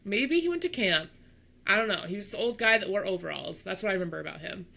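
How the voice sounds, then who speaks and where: A young woman co-hosting a podcast, telling a story in casual chat, animated and acting out the people in it. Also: mid-range voice, fast, vocal fry. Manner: animated storyteller, acts out voices, laughs. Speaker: podcast co-host.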